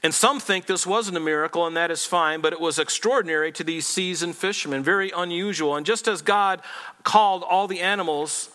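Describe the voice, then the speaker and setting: A man's voice: high voice, a little fast, sharp tone. A man preaching a sermon in an earnest, explanatory way, often restarting phrases. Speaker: pastor.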